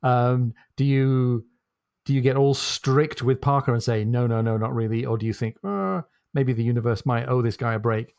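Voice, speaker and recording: A man co-hosting a podcast, musing about a novel and posing questions in a relaxed chat. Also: mid-range voice, normal speed, creaky, clean tone, no room sound, clean studio sound. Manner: thoughtful, poses questions to the listener. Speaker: podcast co-host. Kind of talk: casual book discussion.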